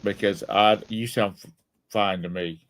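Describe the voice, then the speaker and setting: Male co-host with a lowish voice, relaxed and chuckling, plain casual chat. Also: a little slow, rough recording. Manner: easygoing, laughs often. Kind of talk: casual live-stream chat. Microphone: desk mic.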